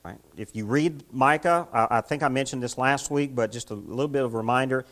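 A man's voice: mid-range voice, brisk, fairly bright tone. A middle-aged man preaching a midweek church sermon in a conversational way, often asking the congregation rhetorical questions. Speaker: pastor. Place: church service.

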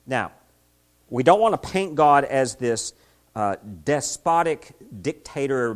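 Male preacher, middle-aged, animated pitch, conversational sermon, rhetorical questions. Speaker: pastor. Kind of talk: midweek sermon. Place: church service.

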